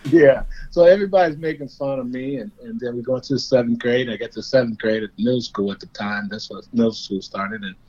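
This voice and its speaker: A man's voice: mid-range voice, fast, hardly any pauses, a little mellow, highs cut off. A man from Indiana, a guest on an interview show, telling self-deprecating stories about his youth with frequent laughs and restarts. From Indiana, USA. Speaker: guest, former player. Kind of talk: storytelling in a conversation.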